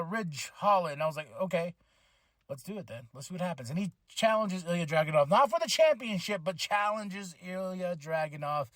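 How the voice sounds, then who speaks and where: A man hosting a podcast, recapping a wrestling show in a casual, animated way, with frequent fillers and quick laughs. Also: high voice, no room sound, clean studio sound. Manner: animated, acts out wrestlers' lines in quick voices. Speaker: podcast host.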